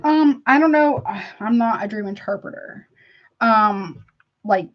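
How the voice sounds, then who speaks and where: A woman reads tarot for her viewers in a loose, chatty livestream, calling them honey and baby. Her voice sits fairly high, and she talks frankly with rambling asides. The recording sounds dull and lo-fi. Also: expressive, takes it slowly. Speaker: tarot reader. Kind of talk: casual tarot reading livestream.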